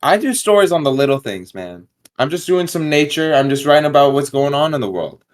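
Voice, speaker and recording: A man's voice: on the high side, very animated, brisk. A man playing a tabletop game, talking in a laid-back way that often repeats itself. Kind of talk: casual in-character play.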